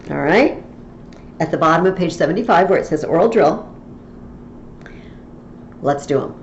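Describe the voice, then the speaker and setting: A woman's voice: lowish voice, lively intonation, moderate pace, reverberant, dull audio, slight background noise. A woman teaching a Latin lesson in a recorded tutorial, explaining each form patiently, step by step.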